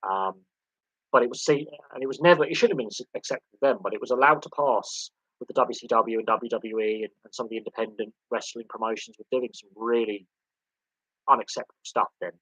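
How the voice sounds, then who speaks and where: A man's voice: medium pitch, a little fast, a bit bright, husky, no echo. A man in his thirties hosting a casual sports live stream, rambling with fillers and restarts on a dull lo-fi mic. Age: 30s. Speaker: sports channel host.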